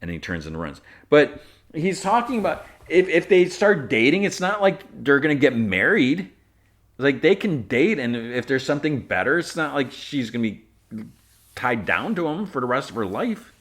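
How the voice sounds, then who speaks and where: A man's voice: medium pitch, sing-song, normal speed, a bit bright. A man hosting a podcast, recapping an episode in a casual, rambling way with lots of fillers and restarts. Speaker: podcast host.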